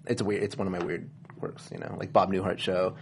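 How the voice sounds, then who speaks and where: A man's voice: low-pitched, flat delivery, brisk, creaky. Young man, casual podcast co-host, eager and slangy, slight background hiss. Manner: enthusiastic, slangy, easygoing. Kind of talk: casual chat.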